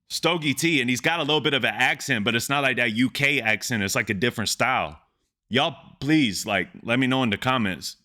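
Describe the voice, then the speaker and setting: A man hosting a music reaction channel, excitedly repeating lines and breaking them down in casual commentary. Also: medium pitch, a little fast.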